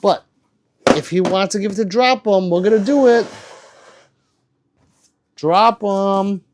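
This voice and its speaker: A man's voice: high voice, fairly quick, a little mellow, slight background noise. A man livestreaming, reading out chat messages and teasing viewers in a loose, rambling, joking way.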